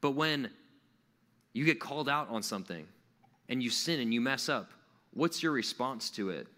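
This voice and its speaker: Male preacher, casual and interactive, bright voice, recorded with hall echo. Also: mid-range voice, animated, normal speed. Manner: conversational, asks the listeners questions. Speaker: pastor. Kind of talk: sermon.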